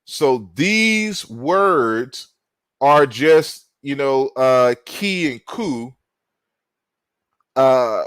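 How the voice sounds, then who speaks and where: Man, lecturer, slow deliberate delivery, filler-heavy explaining, dry close recording. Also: mid-range voice, expressive, fairly bright tone, smooth, no echo. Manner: unhurried, frequent "you know" fillers and restarts. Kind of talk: online lecture walking through slides.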